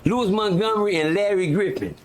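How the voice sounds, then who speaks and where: A man hosting a live talk show, telling a jail story in casual, profane slang and acting out the people he quotes in a high, loud voice. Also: fairly quick, slight background noise.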